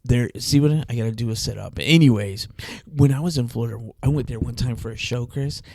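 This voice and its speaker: A man hosting a podcast, telling comic stories in an animated, jokey way, with big swings in pitch and loudness. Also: fast, creaky, dry recording, studio quality. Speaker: podcast host. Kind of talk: casual comedic chat.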